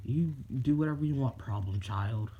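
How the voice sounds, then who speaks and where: A man's voice: mid-range voice, normal speed, mellow, slightly rough, lightly acted. A man voicing a tired, blunt male teacher. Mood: weary. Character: weary gruff male teacher. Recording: dull lo-fi recording.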